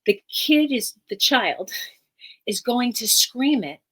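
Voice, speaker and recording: A woman's voice: a little high, very animated, takes it slowly, fairly bright tone, husky. A woman therapist as a podcast guest, speaking earnestly and emphatically in a teaching manner and repeating key phrases.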